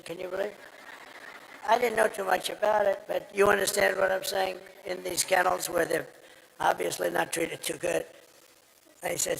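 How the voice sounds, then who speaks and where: A man's voice: high voice, steady tone, normal speed, vocal fry, a bit bright. A man giving a rambling, boastful campaign rally speech at a podium microphone, his voice strained and tiring after a long day. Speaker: political speaker at a rally. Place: large rally venue. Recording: reverberant venue with crowd noise.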